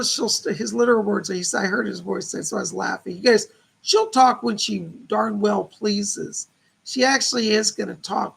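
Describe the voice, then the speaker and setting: A male psychic medium hosts a live stream in a high-sitting, gravelly voice with a fairly bright tone and a breathy edge. Chatty and reassuring, he gives readings, relays messages from spirits, and reads viewer questions aloud.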